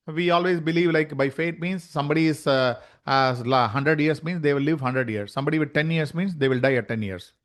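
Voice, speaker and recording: A man, teaching yoga in an online lecture and asking rhetorical questions as he explains. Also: a little high.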